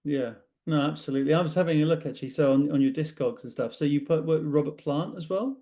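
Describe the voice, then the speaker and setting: A man hosting a podcast, chatting casually and excitably, with eager interjections and casual swearing. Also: fairly high pitch, quick pace. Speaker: podcast host.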